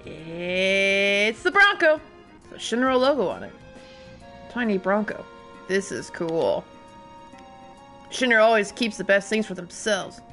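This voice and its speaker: A woman's voice: medium pitch, lively intonation, slow pace, long pauses, a bit bright, soft background music. A woman streaming a video game, chatting and giggling while she reads the game text aloud. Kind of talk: let's play commentary.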